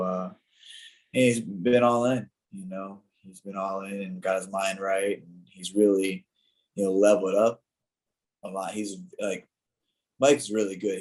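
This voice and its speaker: A man's voice: low-pitched, a little mellow, poor audio. A man co-hosting a casual podcast, talking loosely with lots of filler words and easy banter. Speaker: podcast co-host, fighter. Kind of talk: casual chat.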